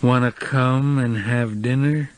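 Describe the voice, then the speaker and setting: A man reading an audiobook, voicing a drunk, sleepy, lonely middle-aged woman who slurs slowly. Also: mid-range voice, steady tone, natural voice. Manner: slow sleepy whine. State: drunk, slurring.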